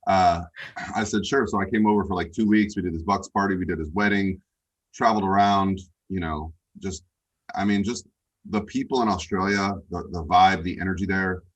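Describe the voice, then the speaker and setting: A man speaking as a podcast guest over a remote call, relaxed and rambling with lots of fillers. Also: low voice, normal speed. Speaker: guest coach. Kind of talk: casual interview chat.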